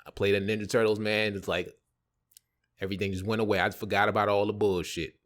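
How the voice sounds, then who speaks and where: A man's voice: on the low side, a little fast, a bit bright. A man hosting a podcast, telling casual stories from his childhood in slangy, profane talk and laughing at his own jokes. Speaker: podcast host. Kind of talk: casual storytelling monologue.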